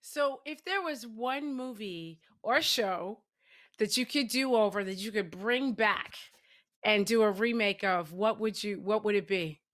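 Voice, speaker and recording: A woman hosting an interview, asking her guest questions in a measured way over a video call. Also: mid-range voice, a bit bright. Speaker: host.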